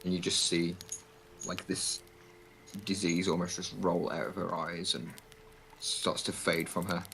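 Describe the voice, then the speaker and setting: A man with a very deep voice narrates a tabletop session as game master. He describes scenes loosely, with many fillers, over a faint hiss. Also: flat delivery, a little slow, creaky, a bit bright, low-quality recording.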